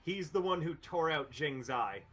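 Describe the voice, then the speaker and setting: Man, game master, fairly high voice, bright tone, faint music behind. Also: animated, a little slow. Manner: explains rules with many fillers. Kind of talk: narrating a tabletop game.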